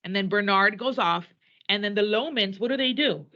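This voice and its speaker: A woman teacher lecturing her class on a play in a classroom. She talks in an animated way and switches between English and Spanish. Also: medium pitch, normal speed. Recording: dull lo-fi classroom recording.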